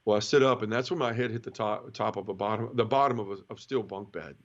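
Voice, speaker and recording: A man's voice: lowish voice, fast, lo-fi sound. A man telling his own conversion story in an interview, earnest and vivid, often restarting and repeating words. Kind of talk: emotional personal storytelling.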